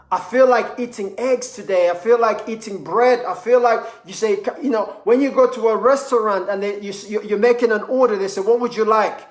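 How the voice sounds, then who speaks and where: A man giving an energetic motivational talk, often repeating words and acting out cheerful quoted voices. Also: very high-pitched, reverberant. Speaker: motivational speaker.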